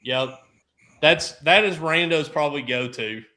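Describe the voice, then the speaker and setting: A man on a casual sports roundtable, telling animated stories and acting out quotes from friends. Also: on the high side, a little slow. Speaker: podcast panelist.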